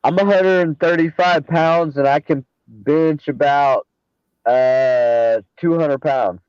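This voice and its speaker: A man's voice: on the high side, takes it slowly, a little mellow, clear, resonant tone, no echo, muffled recording. A man in a casual chat, joking and heckling crudely. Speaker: chat guest.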